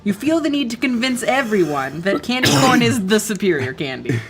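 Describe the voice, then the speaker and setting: A woman's voice: on the high side, very animated, a little fast, soft background music. A woman acting as game master, narrating a tabletop game playfully.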